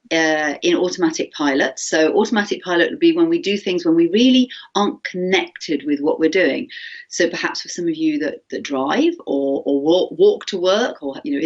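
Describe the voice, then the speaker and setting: Husky woman leading an animated workshop. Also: medium pitch, lo-fi sound. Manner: lively, animated, acts out anxious inner voices, frequent "okay?". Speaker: teacher trainer. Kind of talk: interactive workshop talk.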